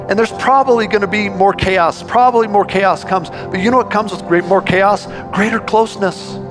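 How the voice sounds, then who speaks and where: Animated preaching man, fairly high voice. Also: brisk, few pauses, over music. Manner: conversational, animated preaching with restarts. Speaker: pastor. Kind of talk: sermon.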